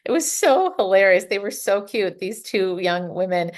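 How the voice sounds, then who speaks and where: A middle-aged woman from the United States, a podcast guest telling stories in a casual, animated way, laughing often and acting out what people said. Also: medium pitch, normal speed, hardly any pauses. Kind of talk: casual storytelling.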